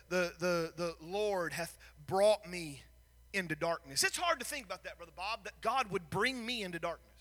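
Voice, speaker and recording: High, bright-voiced preaching man. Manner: impassioned preaching, swinging between hushed and shouted. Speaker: pastor. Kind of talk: sermon. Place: church sanctuary. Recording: long hall reverb.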